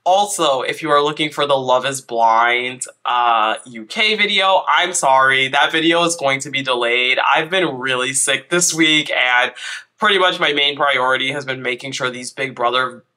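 A man hosting a casual recap vlog, chatty and animated, his voice stuffy from a cold. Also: medium pitch, moderate pace. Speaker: YouTube host.

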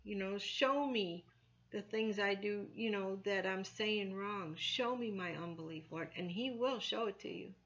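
Woman church elder, informal Bible teaching; bright, conversational, dull lo-fi sound. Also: mid-range voice. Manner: conversational, many "you know" fillers, rises loudly when quoting scripture.

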